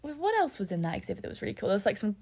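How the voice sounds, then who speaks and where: A young woman with a mid-pitched voice co-hosts a podcast in relaxed conversation. She is chatty and enthusiastic and often breaks into giggles. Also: racing, creaky, slightly rough. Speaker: podcast co-host. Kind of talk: casual chat.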